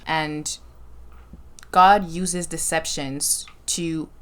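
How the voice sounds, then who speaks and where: Woman, podcast host, low-ish voice, thoughtful conversational advice. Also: steady tone, very slow, fairly bright tone, clean tone. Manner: reflective, faith-minded advice with frequent "right?" check-ins. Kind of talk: casual conversation.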